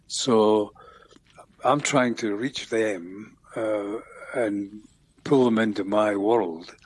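An older man with a Scottish accent, a songwriter being interviewed on radio, talking in a reflective, unhurried way with many pauses and restarts. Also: lowish voice, slightly rough. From Scotland. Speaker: guest songwriter.

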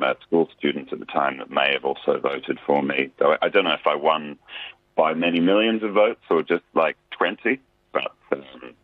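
A man's voice: rumbling low, dry recording. A man, a musician guest chatting casually and self-deprecatingly in a radio interview. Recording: dry tinny phone line.

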